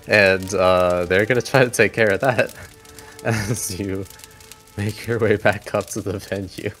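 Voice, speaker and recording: A man narrating as game master of a tabletop game in a relaxed, measured way. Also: on the low side, faint music behind.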